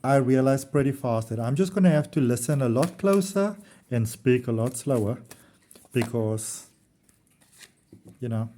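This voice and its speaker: Reading tarot for his audience in a relaxed vlog, this early-40s tarot reader from South Africa has a mellow, warm voice of average male pitch. He rambles affectionately in a chatty way, chuckling readily.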